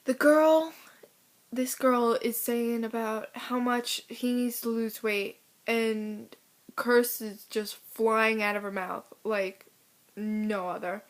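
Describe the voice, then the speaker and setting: Teen girl, vlog rant, indignant and exasperated, slightly high voice. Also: fairly even intonation, slow pace. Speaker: vlogger. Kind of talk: casual ranting to camera.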